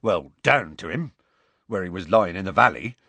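A man voicing Hagrid, a big gruff half-giant who tells the story in rough, homely speech. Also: low voice, lively intonation, sharp tone, dry recording, full character voice. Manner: rough colloquial grammar, slow homely storytelling.

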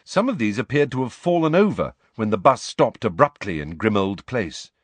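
A man reading a storybook aloud as narrator, with expressive, varied delivery. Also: on the low side, normal speed, slightly rough, no room sound. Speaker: audiobook narrator.

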